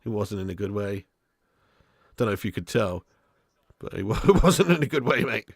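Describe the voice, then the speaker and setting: A man's voice: lowish voice, lively intonation, normal speed, gravelly, dry recording, studio quality. A man hosting a live football watch-along stream, joking with chat in slangy banter and laughing often.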